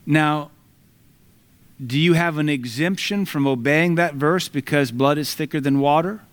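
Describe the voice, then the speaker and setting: A man's voice: fairly high pitch, measured pace, clear, resonant tone. A middle-aged man preaching a sermon, emphatic and quoting scripture, now and then mimicking voices for effect.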